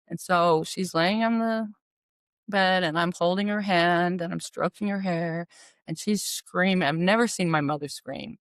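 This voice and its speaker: A woman's voice: on the low side, vocal fry, a bit bright, no echo. A middle-aged woman earnestly retelling a personal story, acting out the dialogue as she goes.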